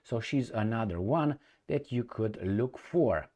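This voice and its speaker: A man's voice: medium pitch, lively intonation, measured pace, mellow. A man giving a rambling, opinionated commentary on news articles, often restarting and breaking into raised, emphatic bursts. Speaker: political commentator.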